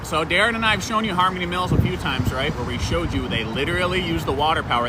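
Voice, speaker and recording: A man co-hosting an outdoor live stream who greets viewers by name in an excitable, friendly way. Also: sits high. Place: outdoors in a town square. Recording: noisy outdoor street sound.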